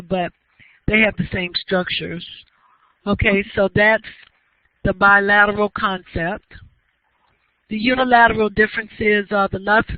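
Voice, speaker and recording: A woman lecturing to a class, explaining each idea patiently and often pausing to ask whether everyone follows. The recording is dry and thin, with a narrow, phone-like sound. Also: medium pitch, no room sound. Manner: explanatory, checks understanding with frequent questions. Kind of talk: university lecture.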